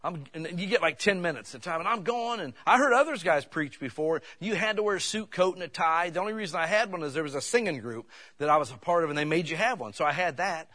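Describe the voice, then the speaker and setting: A man's voice: fairly high pitch, animated, fast, pushed and bright. A middle-aged man preaching a sermon, telling a personal story in a folksy, conversational way that rises to fervent peaks. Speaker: pastor.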